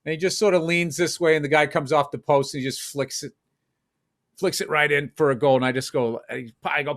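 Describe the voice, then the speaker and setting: A man's voice: a little high, fairly quick, a bit bright, slight background noise. A man co-hosting a comedy podcast, telling profane stories animatedly and acting out other people's voices. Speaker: podcast co-host. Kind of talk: casual comedy chat.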